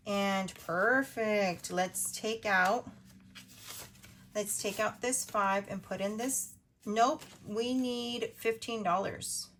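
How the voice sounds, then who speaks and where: A woman in her thirties hosting a budgeting video, chatting casually while she counts cash out loud. Her voice is going a little hoarse. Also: mid-range voice, slight background noise. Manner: chatty, counts money out loud, quick asides.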